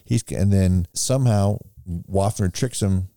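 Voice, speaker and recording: A man's voice: low-pitched, a little slow, vocal fry, warm tone, no echo, studio quality. A man casually recapping a movie's plot scene by scene, acting out bits of dialogue as he goes. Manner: rambling retelling with acted-out quotes. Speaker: podcast co-host recapping a film. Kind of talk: casual film recap chat.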